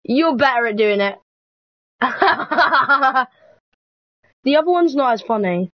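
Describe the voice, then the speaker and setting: A woman's voice: high voice, animated, slow, dry recording, lo-fi sound. A woman chatting casually while playing an online game with a friend, playful and teasing, laughing often. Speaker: gaming vlogger. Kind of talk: casual gaming chat.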